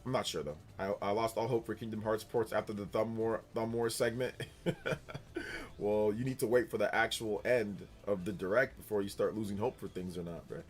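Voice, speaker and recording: A young man hosts a casual livestream and talks in a loose, rambling way. He reads viewer comments aloud and answers them with animated chatter full of filler words. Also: lowish voice, brisk. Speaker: streamer host.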